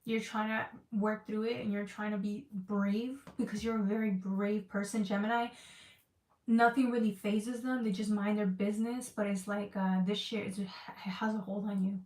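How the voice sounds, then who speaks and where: A woman's voice: medium pitch, little pitch movement, moderate pace, darkish tone, far from the mic. Female tarot reader, earnest and repetitive, recorded in an echoey room off-mic. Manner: emotional, repetitive, searching for words. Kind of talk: casual tarot reading.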